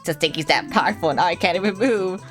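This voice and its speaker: A woman's voice: lowish voice, fast, close to an everyday voice. A woman reading as a grumpy old swamp witch. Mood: indignant. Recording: game music playing underneath.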